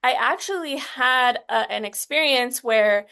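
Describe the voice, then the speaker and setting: Earnest, halting woman telling her story. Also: a little high, gravelly, sharp tone, clean tone. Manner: earnest, halting, many restarts and fillers; gets emotional while recounting. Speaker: interview guest. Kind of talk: emotional personal interview.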